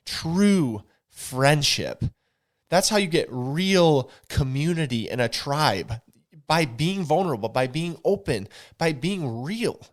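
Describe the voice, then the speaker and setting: A man co-hosting a podcast, talking earnestly and preaching a little to his listeners, whom he calls y'all. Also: fairly high pitch. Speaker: podcast co-host. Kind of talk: candid podcast conversation.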